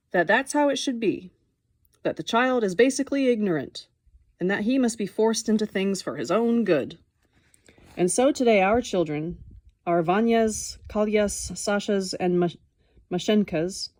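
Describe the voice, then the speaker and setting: A young adult woman reading a nonfiction book aloud in an expressive, wry way, breaking off now and then to comment on it. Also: on the low side, dry recording. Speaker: audiobook reader.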